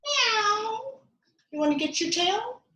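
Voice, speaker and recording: A woman teaching yoga to young children, reading a picture book aloud in a playful, animated way with slow, clear cues. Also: mid-range voice, echoey room. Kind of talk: interactive storytelling with yoga cues for kids.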